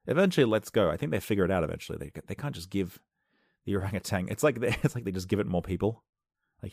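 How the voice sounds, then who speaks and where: A man doing a rambling comic monologue into a close microphone, wry and self-interrupting, with sudden loud outbursts. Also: deep voice, expressive, quick pace, vocal fry, dry recording. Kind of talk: comedic podcast monologue. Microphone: close studio microphone.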